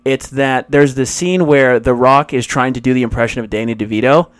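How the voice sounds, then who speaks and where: A man's voice: medium pitch, a little fast, smooth. A man co-hosting a podcast, rambling through casual stories, swearing and laughing often. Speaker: podcast co-host. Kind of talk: casual podcast chat and anecdote.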